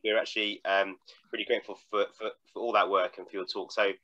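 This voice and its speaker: A man chairing a session thanks the speaker, pausing often with fillers. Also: fairly low pitch, little pitch movement, bright, forceful tone, lo-fi sound. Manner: halting, with fillers.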